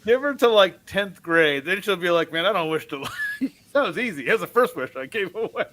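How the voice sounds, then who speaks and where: Joking male co-host, a touch high, wry asides. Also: expressive, fairly quick, fairly bright tone, a little hiss or hum. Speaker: podcast co-host. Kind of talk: casual podcast chat.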